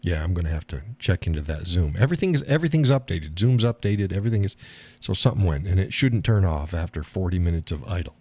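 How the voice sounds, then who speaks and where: A man's voice: deep voice, expressive, fast, mellow, breathy edge, dry recording. A man hosting a live stream, chatting casually and answering his viewers with frequent laughs. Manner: rambling, laughs often, reads and answers chat.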